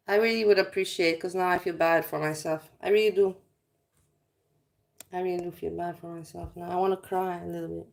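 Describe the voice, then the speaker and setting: A woman's voice: on the low side, fairly even intonation, fairly quick, creaky. A woman hosting a casual livestream, rambling and teasing her viewers with self-mocking jokes. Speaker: livestream host.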